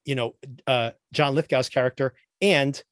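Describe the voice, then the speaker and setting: A man hosting a podcast, ranting about a TV show in animated casual chat and mimicking characters in quick asides. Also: medium pitch, no room sound, studio quality. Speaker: podcast host.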